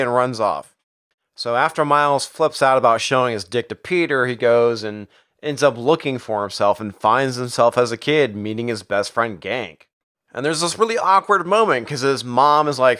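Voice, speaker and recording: A man's voice: mid-range voice, moderate pace, fairly bright tone, clean tone. A man recapping a comic book in a casual, crude, sarcastic way. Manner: profane, sarcastic, jumps into character voices.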